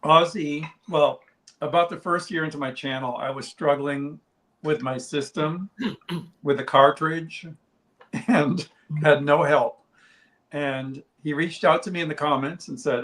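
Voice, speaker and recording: A man co-hosting a casual livestream, telling a story in a relaxed way. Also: a little high, unhurried. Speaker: co-host.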